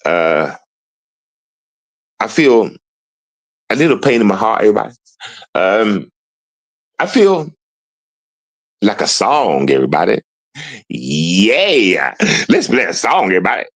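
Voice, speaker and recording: A young man talks loosely to his livestream viewers, his pitch swinging up and down as he rambles. He plays at being sad and keeps calling out to everybody. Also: big pitch swings, takes it slowly, pauses often, poor audio. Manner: rambling, mock-sad, repeatedly addressing "everybody". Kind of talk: casual livestream chat to viewers.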